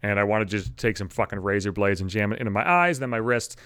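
A man's voice: lowish voice, expressive, fast, a bit bright, smooth, no echo, clean studio sound. A man hosting a podcast, ranting alone at home into a microphone, blunt and swearing constantly. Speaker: podcast host. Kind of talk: solo profane rant. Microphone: studio microphone.

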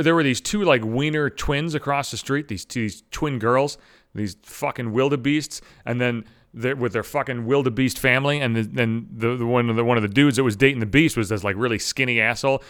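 A man's voice: mid-range voice, fairly bright tone. A man hosting a podcast, telling a story in a rambling, profane, self-mocking way. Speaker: podcast host. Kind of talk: casual solo storytelling.

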